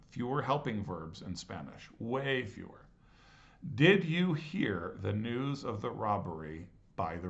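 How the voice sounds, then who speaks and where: A patient male Spanish teacher, a native English speaker, explains grammar exercises in a low voice, reading the Spanish slowly and carefully syllable by syllable. The audio is lo-fi and slightly muffled.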